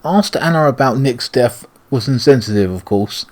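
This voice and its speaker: British man, gaming commentary, profane and ranting, mid-pitched voice. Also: lively intonation, normal speed, a little mellow. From Britain. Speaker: gaming YouTuber. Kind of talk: let's play commentary.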